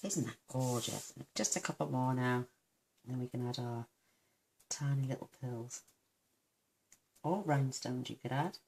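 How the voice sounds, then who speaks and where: Soft-spoken woman with a gravelly voice. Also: very deep voice, a little slow, pauses often, slight background noise. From United Kingdom. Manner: soft-spoken, mumbles to herself, gushing. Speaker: card-making demonstrator. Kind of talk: crafting tutorial.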